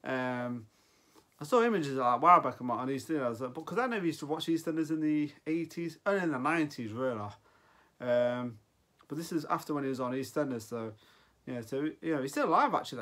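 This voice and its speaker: A man in his forties talks through a film review off the cuff. His voice sits a little high for a man. He rambles, drops sentences halfway and starts them over. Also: fast talker, a bit bright. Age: 40s. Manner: rambling, loses his thread and restarts often. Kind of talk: casual unscripted film review.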